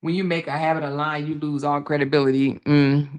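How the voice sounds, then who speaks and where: Woman host, lower voice, laughs a lot, loose chatty commentary reading chat. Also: fairly quick. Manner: animated, laughs often, African American Vernacular English.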